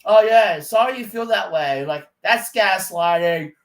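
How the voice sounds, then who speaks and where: A man mimicking a shrill dismissive woman. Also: a little slow, far from the mic. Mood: sneering. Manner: mocking, shrill, exaggerated. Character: dismissive sneering woman who won't listen.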